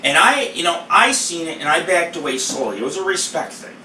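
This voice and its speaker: A man's voice: on the high side, very animated, a little fast, bright, forceful tone. A male cooking show host who rambles and swears freely as he tells a story while he cooks. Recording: echoey room, voice a bit far from the mic, faint noise.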